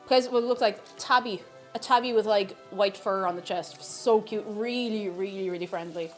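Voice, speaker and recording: A young woman livestreams from her home kitchen while baking, chatting in a playful, casual way and cooing baby talk at a cat. Her voice is mid-range at a normal speed, with soft music playing behind her.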